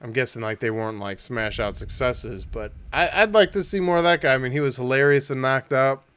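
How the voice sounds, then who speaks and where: A man's voice: medium pitch, brisk, a bit bright, clean tone, dry recording. A man co-hosting a podcast in casual chat, often laughing as he retells movie scenes. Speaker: podcast co-host.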